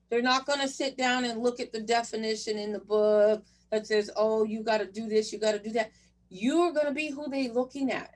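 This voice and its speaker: A woman's voice: on the high side, recorded from a distance. A woman giving a motivational conference talk to new chief residents, direct and encouraging. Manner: direct, encouraging, addresses audience as "you guys". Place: virtual conference session.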